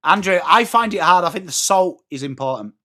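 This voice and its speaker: A man from England with an English accent, hosting a live sports watchalong, chatting excitably with viewers between calls of the play. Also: high voice, brisk. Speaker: watchalong host.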